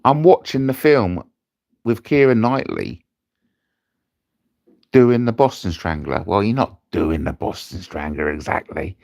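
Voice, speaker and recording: Brash British livestream host, low voice with big swoops, crude and swearing. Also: male voice, lively intonation, unhurried, creaky, pauses often, a little mellow. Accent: British English. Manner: crude, jokey, swears freely, wild pitch swings. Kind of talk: rambling livestream chat. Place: in bed at home.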